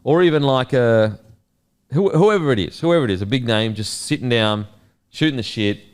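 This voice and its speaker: A man's voice: medium pitch, animated, normal speed, clean tone. A young Australian man hosting a podcast, chatting casually in a rambling, sweary, laid-back way. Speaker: podcast host.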